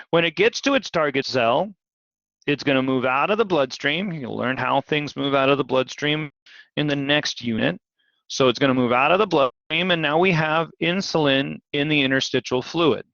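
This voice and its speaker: A man teaching physiology in a live online lecture, animated and questioning, repeating key words. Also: on the high side, normal speed, vocal fry, no room sound. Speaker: physiology instructor. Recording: dull, dry video-call audio.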